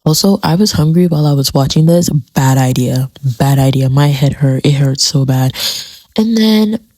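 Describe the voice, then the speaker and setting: A woman's voice: very deep voice, normal speed, mellow, no room sound. A woman giving a casual commentary on a TV episode, chatty and dramatic, repeating phrases for emphasis. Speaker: TV show commentator.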